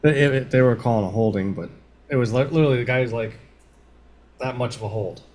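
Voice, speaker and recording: A man co-hosting a relaxed game broadcast, chiming in with short reactions and brief comments. His voice sits at an ordinary middle pitch and sounds a little farther from the mic than his partner's. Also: a little fast. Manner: short reactions, laughs along. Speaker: co-host. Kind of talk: casual game reaction chat.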